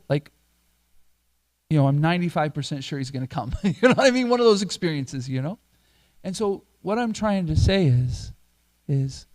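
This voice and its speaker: A man's voice: a little high, gravelly. A middle-aged man, a temple priest, telling a personal story in a sermon, acting out the dialogue with lots of restarts and fillers. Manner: animated, acts out quoted dialogue, frequent fillers and restarts. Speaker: temple priest giving a class.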